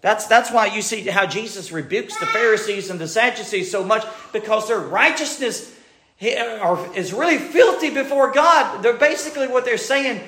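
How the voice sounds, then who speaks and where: A man's voice: sits high, moderate pace, sharp tone, echoey room. A male pastor preaching a sermon, reading scripture and building to emphatic, rising passages.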